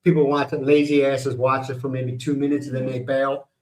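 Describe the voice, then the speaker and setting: A man's voice: medium pitch, flat delivery, fairly quick, a little mellow, poor audio. An older man from the United States hosting a casual livestream, rambling and blunt, swearing now and then. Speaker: livestream host. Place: home in the Philippines.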